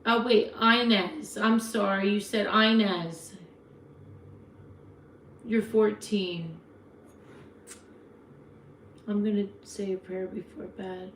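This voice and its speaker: A woman's voice: medium pitch, steady tone, takes it slowly, a bit bright. A chatty woman in her fifties with a New Jersey accent talks unhurriedly to her live viewers. Her voice rings in an echoey room with a faint hiss behind it. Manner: chatty, frank, talks back to viewer comments. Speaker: livestream host. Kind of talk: casual live chat reading comments.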